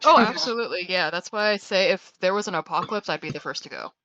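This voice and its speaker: A woman's voice: lowish voice, lively intonation, fast, pushed and bright, dry recording, dull audio. A woman playing a tabletop game who chats freely between turns. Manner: chatty, laughing asides. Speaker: player.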